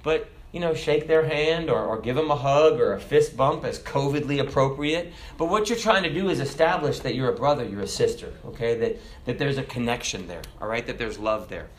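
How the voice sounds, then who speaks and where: A middle-aged pastor in the middle of a sermon, talking plainly and conversationally to his congregation. His voice is average in pitch for a man. He swings often from loud, raised bursts down to quiet, low asides. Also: fairly quick, few pauses. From America. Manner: animated storytelling preacher, jumps loud and high then drops soft.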